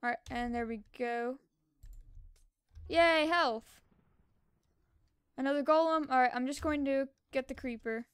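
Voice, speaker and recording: A young woman giving casual, excitable commentary on her own gameplay and repeating words fast when tense. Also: high-pitched, clear, resonant tone, no room sound. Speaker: gaming channel host.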